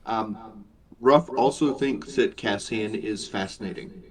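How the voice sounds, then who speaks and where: A man narrating as game master at a live tabletop game, measured and descriptive, with an occasional uh or um. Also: lowish voice. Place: convention gaming floor. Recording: noisy convention hall crowd.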